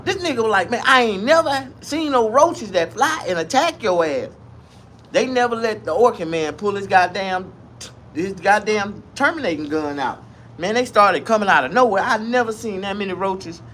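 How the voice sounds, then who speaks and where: Guy ranting a crazy story, cussing a lot, bouncy voice, faint hum behind. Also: high voice. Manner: profane, animated, rambling. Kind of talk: comic storytelling rant.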